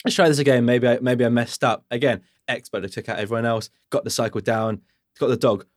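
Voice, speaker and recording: A man's voice: mid-range voice, fast talker, no echo, clean studio sound. A man chatting casually, acting out game moments as he tells them. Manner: animated storyteller, acts out scenes. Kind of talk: casual chat.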